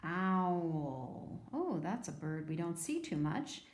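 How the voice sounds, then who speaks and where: A woman teacher giving a phonics lesson to young children, sounding out words slowly and patiently. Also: lowish voice, sing-song, dark tone, echoey room.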